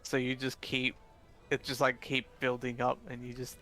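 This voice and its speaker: A man narrating a tabletop game as dungeon master, casual and halting, restarting his sentences often. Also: mid-range voice, completely flat delivery, pushed and bright, faint music behind.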